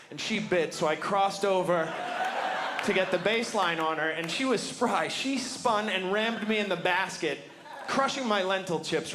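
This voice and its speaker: A man doing wry, wordy stand-up storytelling on a club stage, breaking into sudden shouted outbursts. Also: sits high. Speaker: stand-up comedian. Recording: live club recording with noise.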